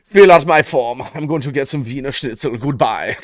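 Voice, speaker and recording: A man's voice: mid-range voice, normal speed, no room sound, clean studio sound, close to an everyday voice. A man doing a breezy man with a mock German accent, speaking in an offhand, mocking way.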